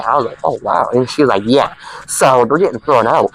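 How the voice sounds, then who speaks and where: A man's voice: mid-range voice, fairly quick, low-quality recording. A young man telling a comedic party story in a rambling, self-correcting way, acting out his friends' lines.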